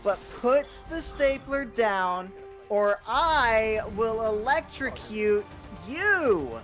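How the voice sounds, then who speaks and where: Woman putting on a gruff electric mouse voice. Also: fairly high pitch, expressive, extremely slow, a bit bright, soft background music, full character voice. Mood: threatening. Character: small electric creature, gruff and lonely.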